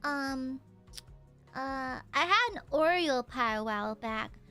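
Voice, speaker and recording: Young woman, subtle southern accent, high pitch, bright and sharp, chatty streamer, faint music behind. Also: animated, takes it slowly. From United States. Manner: chatty, playful, pouty teasing. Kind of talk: casual chat reading donations.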